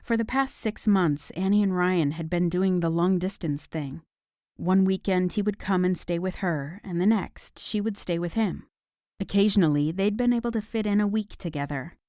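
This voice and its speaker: Woman narrator, audiobook romance, calm even delivery, warm mellow tone, dry close recording. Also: on the low side, normal speed, no echo. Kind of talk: scripted narration.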